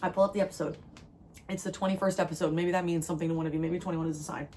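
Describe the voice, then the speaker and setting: A woman's voice: on the low side, steady tone, a little mellow, slight background noise. A woman from New Jersey, a tarot reader, giving a spiritual channeled message in an earnest, rambling, emotional way. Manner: earnest, rambling, emotional delivery in quick bursts.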